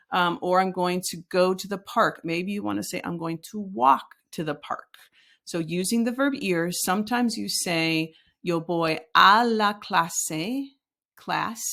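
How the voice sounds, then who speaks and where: Woman teaching a lesson, lowish voice. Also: a bit bright. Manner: explains step by step, models example sentences. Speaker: Spanish teacher. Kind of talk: recorded classroom lesson.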